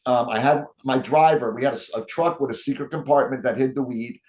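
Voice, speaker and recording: As an interview guest, a man tells stories animatedly, acting out the quotes of the people in them. He has a mid-range voice and speaks fairly quickly.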